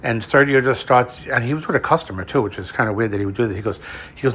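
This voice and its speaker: A man's voice: medium pitch, fast talker, a bit bright, slightly rough. A man who is losing his voice, retelling a dispute as a fed-up customer, cursing freely and tripping over his words. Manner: heated, curses freely, stumbles and repeats. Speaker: unhappy customer. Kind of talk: casual angry retelling.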